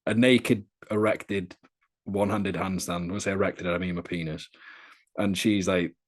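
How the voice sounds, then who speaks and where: A low-pitched voice with fairly even intonation and a normal speed marks this young man from Britain. Interviewed on a casual podcast as an adult content creator, he tells frank, crude stories chattily and with crude humour.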